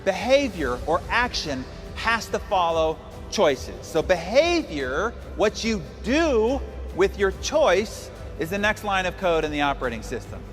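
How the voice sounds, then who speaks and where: Male motivational speaker, high pitch, emphatic storyteller; echoing hall, soft music bed. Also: big pitch swings, unhurried. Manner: emphatic, storytelling with acted quotes. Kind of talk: motivational speech. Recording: long hall reverb with faint music.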